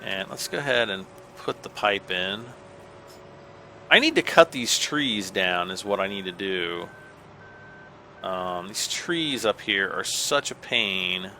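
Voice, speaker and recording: Lively, bright-voiced man rambling over gameplay. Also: deep voice, slow pace, a little hiss or hum. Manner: rambling, self-deprecating, chuckles often. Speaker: gaming channel host. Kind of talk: casual gameplay commentary.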